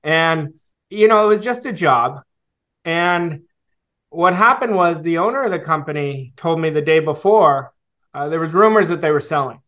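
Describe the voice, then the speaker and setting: Male guest coach in his forties, slightly high voice, earnest reflective storyteller with pauses and fillers. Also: lively intonation, fairly bright tone. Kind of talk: storytelling interview answer.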